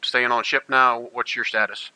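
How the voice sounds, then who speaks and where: A man's voice: mid-range voice, little pitch movement, normal speed, bright, forceful tone, slight background noise, low-quality recording. A man narrating a tabletop game as game master, rambling and playful, often restarting his sentences.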